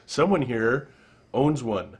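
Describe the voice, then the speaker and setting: A man's voice: medium pitch, sing-song, slow, slightly rough. A young man hosting a casual podcast, bantering and joking with co-hosts. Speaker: show host. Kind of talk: casual chat.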